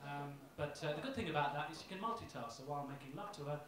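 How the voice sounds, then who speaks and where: A man's voice: on the high side, animated, racing. Self-deprecating young man doing stand-up. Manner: self-deprecating, hesitant with ums. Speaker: stand-up comedian. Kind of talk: stand-up routine. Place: small comedy club. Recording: echoey club, distant mic, crowd.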